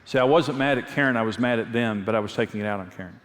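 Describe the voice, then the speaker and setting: A man's voice: mid-range voice, racing, a bit bright. Earnest preacher man in a reverberant hall. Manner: earnest, candid storytelling, repeats phrases for emphasis. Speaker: pastor and marriage teacher. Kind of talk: sermon with personal stories.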